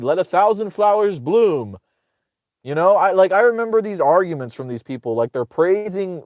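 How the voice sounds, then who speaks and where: Man, higher voice, dry close sound, sarcastic profane host ranting off the cuff. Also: a little mellow, dry recording. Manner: sarcastic, profane, rambling with many restarts. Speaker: political commentator host. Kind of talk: casual ranting livestream commentary.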